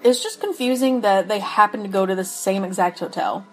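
A woman's voice: medium pitch, a little fast, rough recording. A woman co-hosting a podcast, recapping a TV episode in casual chat, meandering and laughing often as she loses her place. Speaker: podcast co-host.

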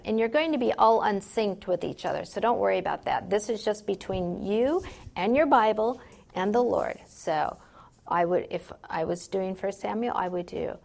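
Gravelly-voiced woman leading a class. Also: medium pitch, a little mellow. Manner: chatty, encouraging, many "like" and "you know" fillers; reads scripture aloud slowly. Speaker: workshop leader teaching Bible memorization. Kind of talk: classroom instruction to a group.

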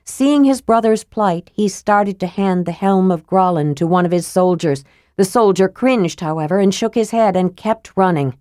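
A woman narrating a fantasy audiobook in a steady, measured storytelling manner. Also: medium pitch, no echo, clean studio sound.

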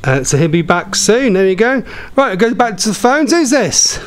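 A man's voice: sits high, sing-song, moderate pace. A man hosting a radio phone-in, chatting casually and rambling with lots of ums. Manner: chatty, rambling, says um often. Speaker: radio show host.

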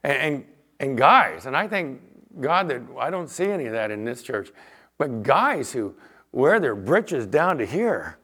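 Animated middle-aged male pastor preaching. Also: medium pitch, unhurried, slightly rough. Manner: animated storytelling with acted-out quotes. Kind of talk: sermon.

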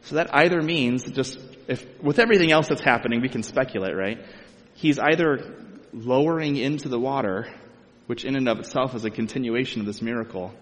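Man, sermon, scripture reading with chatty asides, mid-pitched voice, long hall reverb. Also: brisk, fairly bright tone. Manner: conversational, asides and speculation with light laughs. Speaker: preacher.

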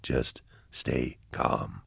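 Man voicing a hardened soldier, very low voice, hushed, clipped lines. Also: a little slow, creaky, no room sound, clean studio sound, heavily acted. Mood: steady. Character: calm hardened male soldier, terse and low.

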